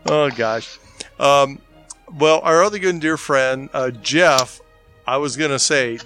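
A man's voice: medium pitch, measured pace, a bit bright, soft background music. A man hosting a movie podcast in a laid-back, rambling way, chuckling often. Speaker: podcast host. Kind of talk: casual podcast chat.

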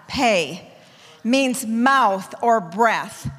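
Woman preaching a forceful sermon, echoing hall. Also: on the high side, expressive, slow pace. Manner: forceful, declamatory exhortation with emphatic lists. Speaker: apostle preaching to her church.

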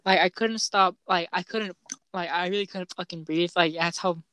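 A man's voice: high-pitched, fairly even intonation, moderate pace, bright, forceful tone, clean tone, no echo. A young man who stutters, hosting a casual chat and telling profane, laughing stories full of fillers. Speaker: podcast host.

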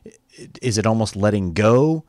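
A man's voice: on the low side, animated, normal speed, a little mellow, no room sound, studio quality. A man hosting a casual conversation, supportive and chiming in with short responses. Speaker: host.

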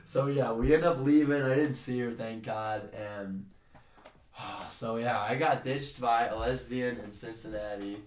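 A young man, a podcast co-host, telling a rambling, animated story in casual chat and swearing freely. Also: medium pitch, a little slow, a little hiss or hum. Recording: roomy, distant from the mic.

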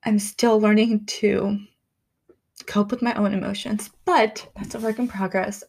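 Young woman, candid vlogger, unhurried delivery, emotional and soft-spoken. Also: medium pitch, little pitch movement. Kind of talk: reflective personal vlog.

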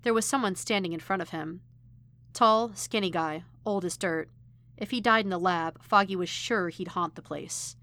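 A woman's voice: lowish voice, normal speed, pushed and bright. Woman reading a story aloud. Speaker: podfic reader. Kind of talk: audiobook narration of fan fiction.

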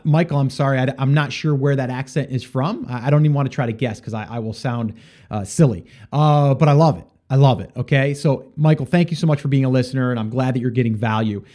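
Podcast host, male, high-pitched, casual and rambling with fillers; answers listener questions. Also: darkish tone. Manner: rambling, with frequent fillers and restarts. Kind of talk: casual solo podcast advice.

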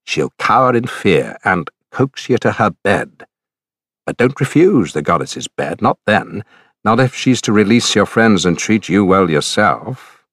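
A man's voice: on the low side, expressive, unhurried, a bit bright, husky, no room sound, studio quality, full character voice. A man reading an audiobook voices a youthful male god who kindly and earnestly warns and instructs a traveler. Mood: urgent counsel.

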